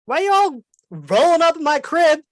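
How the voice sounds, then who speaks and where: A man's voice: very high-pitched, big pitch swings, normal speed, no echo, clean studio sound, pitched above the performer's own voice. A man voicing a crude, aggressive, horse-sized male dragon who swears and talks street slang in a tabletop game. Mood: hostile. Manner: snarling, swearing, hostile.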